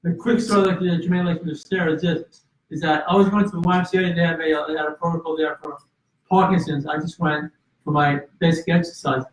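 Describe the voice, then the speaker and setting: The audio is roomy, distant, and a bit dull, carrying a man's slightly high, level-toned voice at a fast pace. He's a guest in an interview telling an earnest personal story, with frequent restarts and fillers.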